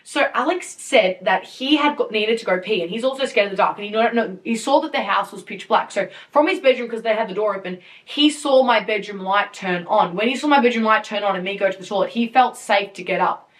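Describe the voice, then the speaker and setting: A woman in her twenties hosting a podcast, telling a story casually in an animated way with frequent laughs and swearing. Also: medium pitch, fairly quick, hardly any pauses, distant mic. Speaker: podcast host. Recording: voice a bit off-mic.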